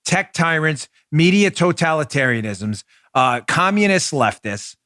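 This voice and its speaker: Middle-aged guy ranting on his podcast, fired up and punchy, kinda high voice, dry close sound. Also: animated, measured pace, pushed and bright, dry recording. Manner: fired up, emphatic, repeats words for stress. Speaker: podcast host. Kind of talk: political commentary monologue.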